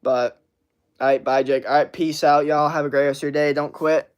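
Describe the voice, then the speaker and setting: This livestream host has a smooth, somewhat high voice, a level tone and a normal speaking speed. He chats loosely as he reads viewer messages aloud, leaning on slang, swearing and filler words.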